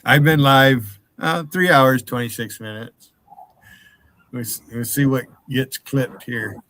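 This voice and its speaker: A man's voice: medium pitch, fairly even intonation, takes it slowly, sharp tone, slight background noise. A man in his sixties hosting a casual live stream chat, joking and laughing at himself. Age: 60s. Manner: laughs often, self-mocking.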